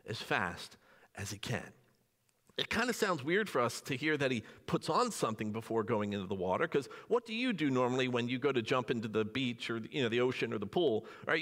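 A man's voice: medium pitch, fairly bright tone, in a large hall. A man preaching a sermon as pastor in a church, conversational, asking the congregation questions and acting out dialogue. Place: church sanctuary.

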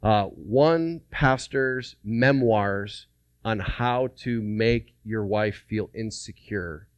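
A man preaching a lively, joking sermon to men at a church service, calling out to the audience for responses. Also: on the low side, very slow, smooth, no room sound. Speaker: pastor.

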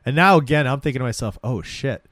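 A man's voice: mid-range voice, quick pace, a little hiss or hum. A young man in casual chat, recapping a TV episode and acting out the characters' lines as he goes. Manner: animated, acts out characters' lines while retelling. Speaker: podcast co-host.

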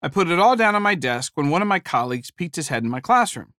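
A man preaching a sermon, telling a story from his teaching days with animated, humorous delivery. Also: fairly high pitch, fast talker, dry recording, studio quality. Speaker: preacher and former high school teacher.

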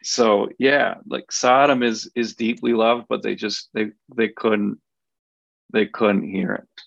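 A man with a deeply gravelly, creaky voice talks through a Bible passage for a podcast. He is earnest and conversational, circling back and restarting as he reaches for the right words. The sound is dry and a little dull, as if heard through a modest microphone. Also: steady tone, slow, no room sound. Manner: earnest, thinks aloud with many restarts and fillers. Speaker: podcast co-host.

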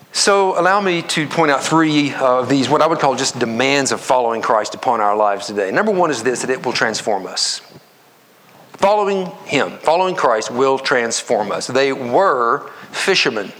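A pastor preaching a sermon to his congregation in an earnest, conversational way, with repetitions and quick asides. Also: mid-range voice, expressive, a bit bright. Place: church sanctuary.

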